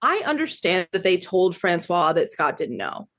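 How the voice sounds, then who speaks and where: A woman's voice: on the low side, sing-song, normal speed, a bit bright. A woman co-hosting a podcast, chatting casually and enthusiastically with lots of filler words. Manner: gushing and enthusiastic, many "like" fillers. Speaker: podcast co-host discussing a TV adaptation. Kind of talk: casual chat.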